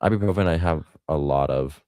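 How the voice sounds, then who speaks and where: Laid-back male sidekick, low and mellow, dry close sound, halting delivery. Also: clear, resonant tone, no echo. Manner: hesitant, mumbling, short replies. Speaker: co-host. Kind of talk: casual radio talk.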